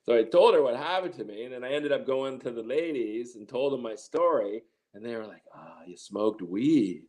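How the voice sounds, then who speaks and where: A man's voice: mid-range voice, expressive, brisk, few pauses, a little mellow. A middle-aged man telling a long personal story in an interview, rambling, restarting often and quoting others. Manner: rambling, with many restarts and quoted voices. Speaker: interview guest, cannabis grower. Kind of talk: casual storytelling.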